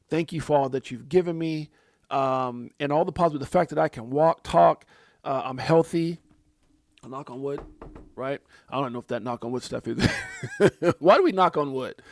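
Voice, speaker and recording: A man's voice: medium pitch, darkish tone, no echo, studio quality. A man hosting a casual crypto livestream, talking in a rambling, heartfelt way with many repeated words and preacher-like phrases.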